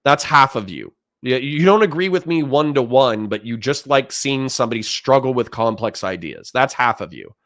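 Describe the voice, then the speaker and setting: A man's voice: medium pitch, animated, moderate pace, few pauses, a bit bright, no echo, clean studio sound. A man hosting a live stream, giving political commentary in a sarcastic, condescending, lecturing way to his chat. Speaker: streamer host.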